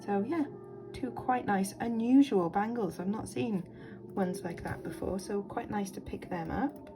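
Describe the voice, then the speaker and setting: A woman's voice: medium pitch, a little slow, music in the background. A woman, chatting enthusiastically as she shows vintage jewellery in a casual vlog, thinking aloud with lots of ums. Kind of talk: casual show-and-tell vlog.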